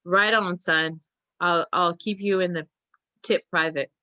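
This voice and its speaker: A woman's voice: fairly low pitch, steady tone, unhurried, sharp tone, dry recording. A woman reading the part of a middle-aged uncle who teases and questions his young nephew. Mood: teasing. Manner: jovial and teasing.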